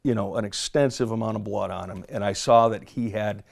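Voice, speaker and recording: A man with a low, gravelly voice recalls an event in a long interview answer. He speaks slowly and haltingly, restarting sentences and filling pauses. The account is detailed and measured. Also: fairly even intonation. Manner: halting, detailed, measured recollection with many fillers. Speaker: former police officer recounting an event. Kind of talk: storytelling in an interview.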